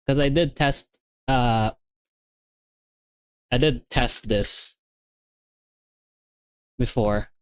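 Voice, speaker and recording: A young woman streaming herself coding, talking excitedly and repeating herself as things work or fail. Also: very deep voice, extremely slow, pauses often, dry recording. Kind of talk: livestreamed coding session chat.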